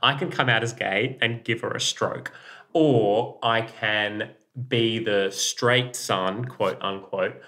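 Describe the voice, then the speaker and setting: An Australian man talking as a guest in a relaxed interview, his voice bright and forceful. He tells stories in an animated way, swears freely, and acts out what other people said. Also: fairly low pitch, slow pace. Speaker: children's author, guest. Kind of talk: casual interview storytelling.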